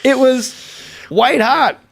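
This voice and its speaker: A man's voice: takes it slowly, creaky, husky, no echo. A middle-aged man, a guest comedian, telling a story in casual chat and acting out the voices. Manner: animated, acts out voices with rising pitch.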